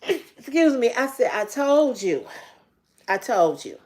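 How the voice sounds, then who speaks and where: A woman hosting a live stream, telling a family story in a blunt, profane, animated way and talking back to her chat. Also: fairly high pitch, slow pace. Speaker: livestream host.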